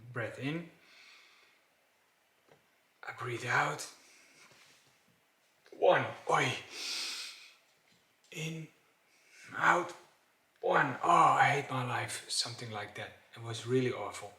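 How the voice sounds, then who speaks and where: Slow-talking man teaching breathing, echoey room. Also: medium pitch, pushed and bright. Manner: slow, repetitive, with frequent "okay" and restarts. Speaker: breathing instructor. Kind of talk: instructional talk to camera.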